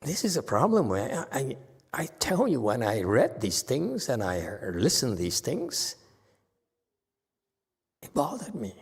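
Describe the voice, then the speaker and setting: Unhurried male teacher with a teasing, self-mocking delivery, echoing in a reverberant hall. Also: medium pitch, huge pitch swings, vocal fry, husky. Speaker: Buddhist meditation master. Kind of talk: joking Dharma talk.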